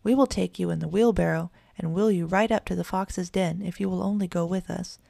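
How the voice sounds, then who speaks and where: Woman reading earnest little boy kitten, gravelly edge, storybook. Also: lowish voice, fairly even intonation, brisk, mellow, no room sound, studio quality. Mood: eager. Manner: eager and earnest.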